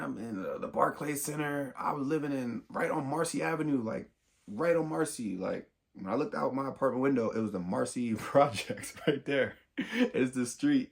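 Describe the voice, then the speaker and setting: An American man, a young adult, telling a casual story in an animated, slangy way and acting out the dialogue. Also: medium pitch, creaky. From United States. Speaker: vlogger.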